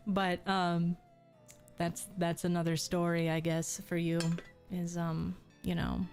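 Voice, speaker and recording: A woman's voice: medium pitch, animated, a little slow, soft background music. A young adult woman streamer telling crude jokes and stories in casual chat. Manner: crude, joking storytelling, laughs often.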